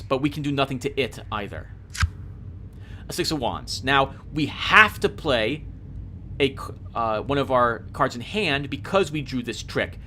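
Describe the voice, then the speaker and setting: A man doing casual game commentary, excitably explaining the rules aloud and reading out the game text. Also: mid-range voice, a little hiss or hum. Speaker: let's play host.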